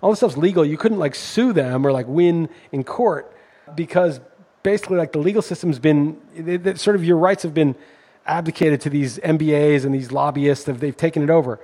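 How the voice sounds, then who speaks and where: A man's voice: fairly high pitch, fairly quick, warm tone, breathy edge. A middle-aged man hosting a podcast, telling a story in an indignant, ranting way. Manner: indignant, storytelling, rising intensity when ranting. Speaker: podcast host. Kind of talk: casual podcast chat.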